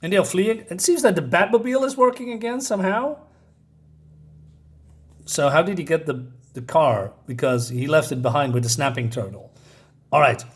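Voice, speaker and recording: A man's voice: on the high side, animated, moderate pace. A man giving a casual comic book review, rambling with many fillers and self-corrections and reading the dialogue aloud in a mostly plain voice.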